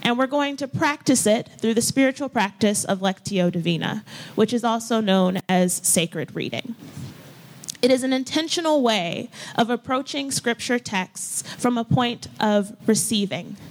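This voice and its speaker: A woman preaching to her congregation in a church hall, her voice sitting a little high. She speaks gently and without hurry, pausing often as she invites people into quiet reflection. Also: lively intonation. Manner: gentle and unhurried, with pauses and invitations. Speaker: pastor. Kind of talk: sermon leading a guided scripture practice. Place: church hall with folding chairs.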